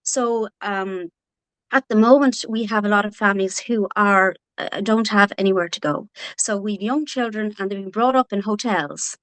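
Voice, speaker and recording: A woman author from Donegal, Ireland, speaks earnestly with an Irish accent as a guest in a casual interview, using many fillers and restarts. Her voice is medium-pitched, moderately paced, and a bit bright, with no echo.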